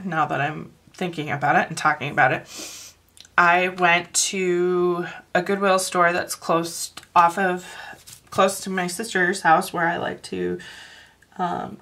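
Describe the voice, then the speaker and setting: A woman from northern Wisconsin, hosting a coloring channel and chatting casually, rambling with soft laughs and fillers. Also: fairly low pitch. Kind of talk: casual chat while coloring.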